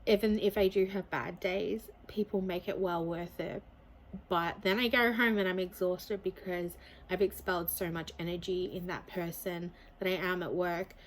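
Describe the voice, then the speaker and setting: A woman's voice: fairly low pitch, steady tone, moderate pace, poor audio. A young adult woman speaking candidly and openly to camera in a personal confessional vlog. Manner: candid, open, speaks from feeling. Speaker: vlogger.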